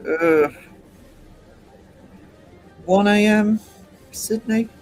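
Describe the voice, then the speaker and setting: An English man in his fifties hosting a casual late-night livestream, rambling and hesitant with many pauses. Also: sits high, darkish tone, faint music behind, rough recording. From England. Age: 50s. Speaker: livestream host.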